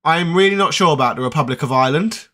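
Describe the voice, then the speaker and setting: A gaming channel host from the United Kingdom, this man has a bright, slightly high voice and talks fast. He chats casually and rambles with lots of fillers while answering viewer comments live.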